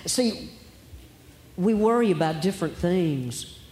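A man's voice: high-pitched, lively intonation, slow pace, a little mellow. A man performing a stand-up comedy routine on stage, telling wry stories and asking rhetorical questions. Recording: echoey hall, faint background noise.

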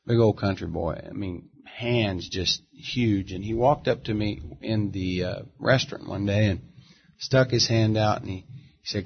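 A man's voice: on the low side, creaky. A middle-aged man, a gospel singer as interview guest, telling stories in an easygoing, reflective way. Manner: easygoing, reflective, drawn-out storyteller. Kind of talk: relaxed conversational storytelling. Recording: dull, muffled audio.

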